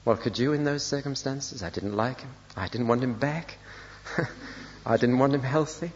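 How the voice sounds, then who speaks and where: Speaking at a moderate pace in a mid-range voice, an older man delivers a sermon as a pastor, weaving in personal anecdotes laced with dry humor at his own expense. The lo-fi audio echoes around a church hall.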